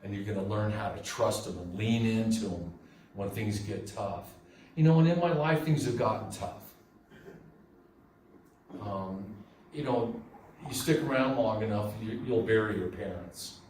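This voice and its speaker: A man's voice: lowish voice, measured pace, darkish tone. Man sharing at a meeting, echoey room. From southern California. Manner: candid and conversational, many fillers and restarts. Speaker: AA meeting speaker. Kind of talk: personal recovery share. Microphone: room recording from a distance. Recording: echoey room, distant mic, faint noise.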